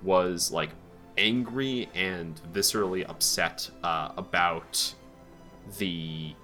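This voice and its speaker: A man narrating as game master of a tabletop game, relaxed and rambling, with many fillers. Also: sits low, slow pace, soft background music.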